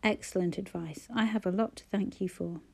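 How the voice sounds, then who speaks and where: A woman voicing a gentle, teasing schoolteacher man. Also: medium pitch, fairly even intonation, moderate pace, creaky, slightly rough.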